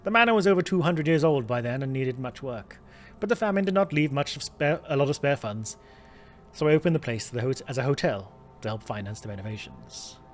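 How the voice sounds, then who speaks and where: A man's voice: medium pitch, expressive, soft background music, lightly acted. A man voicing a proud Irish lord. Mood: reflective. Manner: formal, measured speech. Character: proud aging male Irish manor lord. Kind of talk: reading game dialogue aloud.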